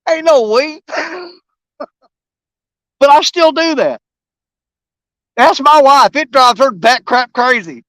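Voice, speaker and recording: A man's voice: extremely high pitch, expressive, slow pace, long pauses, fairly bright tone, no room sound, rough recording. A man chatting to live-stream viewers outdoors by a river, folksy and enthusiastic.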